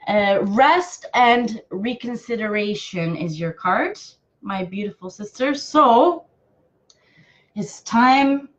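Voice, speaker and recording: Slow, affectionate woman card reader. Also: a little high, lo-fi sound. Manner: affectionate, halting with many fillers and restarts. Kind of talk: live card reading for viewers.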